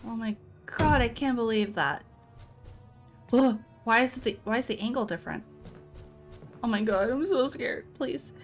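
A woman's voice: on the high side, moderate pace, pauses often, soft background music. Jumpy woman gamer talking to herself. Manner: jumpy, talks to herself, frightened yelps. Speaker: let's play gamer. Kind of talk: casual gameplay commentary.

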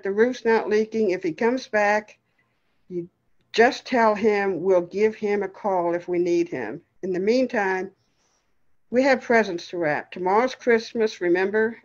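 Woman doing kind old lady caregiver, gentle, teasing, muffled. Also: mid-range voice, normal speed, natural voice.

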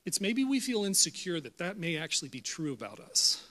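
A young man delivers a sermon with a high, bright voice. He is jokey and animated, and he turns loud and fired up when he gets going. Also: brisk. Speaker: pastor. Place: church auditorium.

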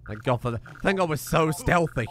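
Lively wry game commentator man. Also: fairly high pitch, slight background noise. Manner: wry, chatty, swears casually. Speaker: gaming streamer. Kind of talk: let's play commentary.

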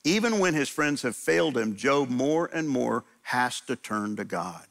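Male pastor, sermon delivery, gravelly and bright, earnest, repeats himself while acting out prayers. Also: mid-range voice, big pitch swings, measured pace. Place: church, men's gathering.

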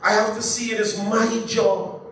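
A pastor leading a Bible study, lively and joking, asking the congregation to finish his phrases. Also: very high-pitched, measured pace. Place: church. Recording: echoey church room, far from mic, faint hiss.

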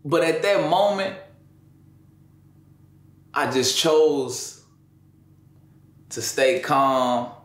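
A man's voice: fairly high pitch, expressive, very slow, long pauses, fairly bright tone, roomy sound. A man telling, with strong emotion, the story of his son's accident in an interview, in casual slangy speech. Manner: slangy, emotional, repeats "you know what I'm saying".

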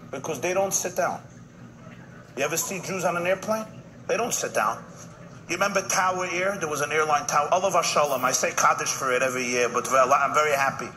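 A man's voice: a little high, sharp tone. Man telling jokes on a noisy recording. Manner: punchy joke-telling with quick asides and repeated punchlines. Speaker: rabbi giving a humorous speech. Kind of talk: live comic speech telling jokes. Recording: noisy live event recording.

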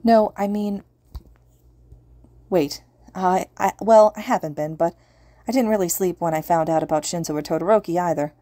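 Woman playing a nervous teen boy, stammering, raised pitch, dry close sound. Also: moderate pace, pauses often, mellow, no room sound, lightly acted. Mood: flustered. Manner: stammering, apologetic. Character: flustered nervous teenage boy.

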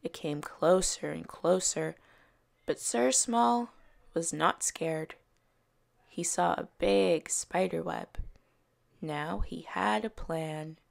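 A woman reads picture books aloud to young children at a slow, unhurried pace. Her voice sits a little low and carries a heavy gravelly fry. She gives the characters gentle, expressive voices. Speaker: early years educator. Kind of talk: children's story time reading.

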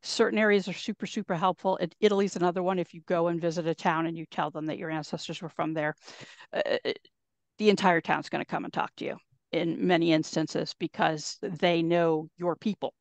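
A woman's voice: fairly low pitch, steady tone, brisk, dry recording. An American woman on a panel, giving advice in a conversational way with lots of fillers. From United States. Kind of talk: casual discussion.

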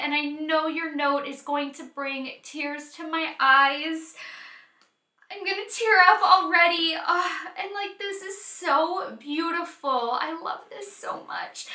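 Gushing high-pitched woman. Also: bright, forceful tone, reverberant. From United States. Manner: gushing, emotional, exclaims and laughs often. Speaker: beauty vlogger. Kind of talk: casual unboxing vlog.

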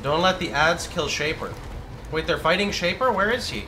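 Excitable man streaming a game, bright voice. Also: a little high, moderate pace, a little hiss or hum. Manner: excitable, yelling out moves, swearing and laughing. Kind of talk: live gameplay commentary. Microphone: studio condenser microphone.

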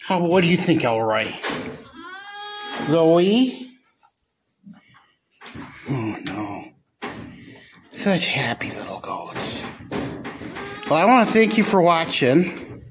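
A man running a goat-farm vlog, talking softly and fondly to his goats in a barn, often dropping to a hush. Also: fairly high pitch, very animated, slow, pauses often. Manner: soft, cooing talk to the goats, often hushed. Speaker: goat farmer vlogger. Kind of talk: casual vlog chat. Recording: noisy barn recording.

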